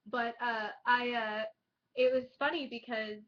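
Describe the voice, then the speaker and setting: Young woman, casual vlogger, chatty and excitable, higher voice, muffled lo-fi webcam sound. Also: measured pace. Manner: chatty, excitable, heavy use of "like" and swearing. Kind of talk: casual chat to camera. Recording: dull lo-fi webcam audio.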